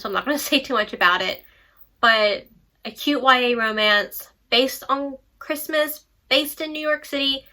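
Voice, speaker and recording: A young woman, a book vlogger, chats casually about books in a bubbly, talkative vlog. Her voice is a little high, bright, and forceful.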